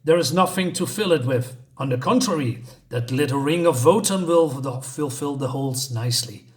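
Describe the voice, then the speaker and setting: A man reading aloud as a greedy male giant, gruff and insulting. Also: a little high, moderate pace, natural voice. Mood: scornful.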